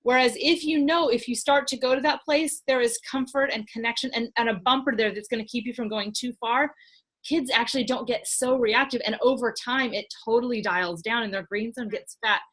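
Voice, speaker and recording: A woman guest in an interview, telling stories in a lively way and acting out what other people said. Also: a little high, brisk. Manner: animated storyteller who acts out quoted speech. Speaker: guest, parenting expert. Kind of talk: interview storytelling.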